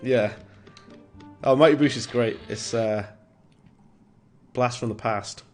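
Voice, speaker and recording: A man's voice: mid-range voice, slow pace, darkish tone. A man giving casual, rambling gameplay commentary as a streamer, chuckling at his own jokes. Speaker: gaming streamer. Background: faint game music.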